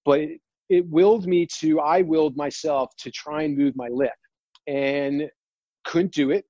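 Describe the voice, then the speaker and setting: A man earnestly telling a personal story, near tears, halting and restarting often. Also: fairly high pitch, fairly even intonation, warm tone, dry recording, muffled recording. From New Jersey. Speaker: guest.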